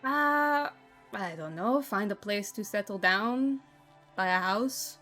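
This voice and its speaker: A woman playing a tabletop game in character, halting and dry, with lots of fillers. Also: medium pitch, animated, pushed and bright, soft background music. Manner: halting, sarcastic, many fillers. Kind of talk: in-character role-play chat.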